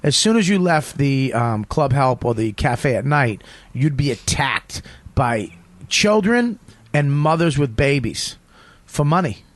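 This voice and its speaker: A man hosting a podcast, telling a profane, animated, self-deprecating story in casual chat. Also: medium pitch, a little slow, dry recording. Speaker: podcast host.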